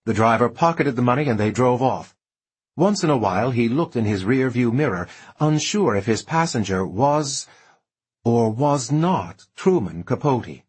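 A man reading an audiobook narration, expressive and lingering over lush description, in a husky voice. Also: medium pitch, measured pace.

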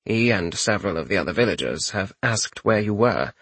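A man voicing a formal, loyal male chamberlain who speaks in a low, measured, deferential way. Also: animated, a bit bright, breathy edge, no echo. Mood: grave.

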